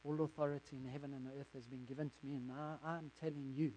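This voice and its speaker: A man voicing Jesus within a sermon monologue, speaking quietly in measured, solemn commands. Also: mid-range voice, steady tone, a little hiss or hum, lightly acted, low-quality recording. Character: Jesus, calm male teacher giving commands.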